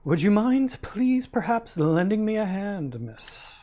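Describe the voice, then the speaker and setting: A man's voice: sits high, very animated, takes it slowly, mellow, voice pushed up, heavily acted. A man voicing a polite, butler-like male robot who speaks with formal, apologetic courtesy. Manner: overly courteous, formal phrasing.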